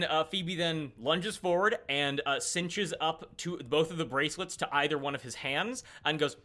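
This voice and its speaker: A man running a tabletop game with a bright, slightly high voice. He narrates loosely and rambles through scenes with plenty of fillers. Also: moderate pace, hardly any pauses. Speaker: game master.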